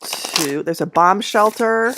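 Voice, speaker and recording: A middle-aged woman takes it slowly as she chats casually on a livestream from home for her knitting channel, rambling with fillers and small laughs. She coos at her cats in a high voice, and the background is noisy.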